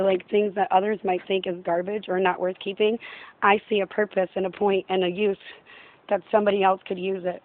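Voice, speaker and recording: Rambling woman on a tinny phone line. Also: medium pitch. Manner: meandering, heavy use of "like", frequent laughs. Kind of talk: rambling personal faith talk. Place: outdoors in a yard.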